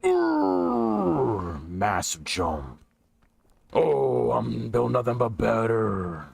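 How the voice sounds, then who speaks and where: A man's voice: on the low side, expressive, slow, vocal fry, darkish tone, breathy edge, no room sound. A young man chatting casually with viewers on a gaming livestream from his room, laid-back and talkative, greeting people as he plays. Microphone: stream microphone.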